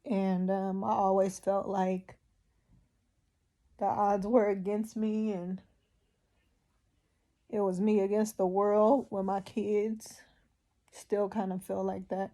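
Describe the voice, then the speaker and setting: Slow, tearful woman sharing her faith. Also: mid-range voice, flat delivery, warm tone. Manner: slow, emotional, halting, with pauses. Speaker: vlogger giving testimony. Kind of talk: personal faith testimony.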